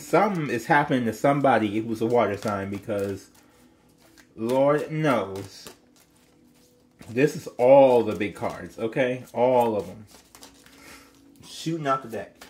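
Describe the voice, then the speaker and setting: A man talking casually to his viewers as he gives a tarot reading. He chats, exclaims, and breaks into sudden high squeals. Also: animated, a little slow, a little mellow, soft background music. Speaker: tarot reader.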